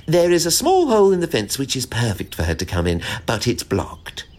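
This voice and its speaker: A man's voice: mid-range voice, huge pitch swings, brisk, darkish tone, voice pushed up. A man voicing a chatty, helpful squirrel in a children's storybook, explaining things.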